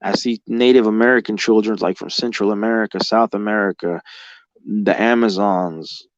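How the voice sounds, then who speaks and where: A man's voice: lowish voice, fairly even intonation, moderate pace, no echo, highs cut off. A man telling his own story as a guest, rambling and emotional, swearing heavily and filling gaps with "like". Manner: heavy swearing, rambling, emotional, with lots of fillers like "like". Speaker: guest recounting experiences. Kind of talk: casual spoken storytelling.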